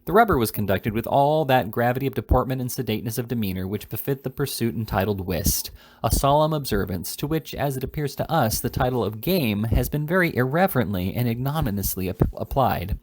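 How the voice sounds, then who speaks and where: A man narrating a classic novel as an amateur audiobook reader, steady with small stumbles. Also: mid-range voice, a little fast, a little hiss or hum.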